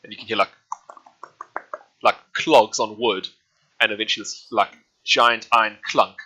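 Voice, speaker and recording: A man's voice: on the low side, fairly even intonation, normal speed, pushed and bright, slightly rough, rough recording. A man narrating as game master in a casual, rambling way, full of fillers.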